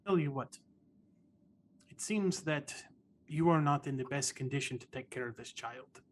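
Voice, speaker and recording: A man playing a tabletop game, speaking in character in a calm, measured way. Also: mid-range voice, slight background noise. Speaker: player.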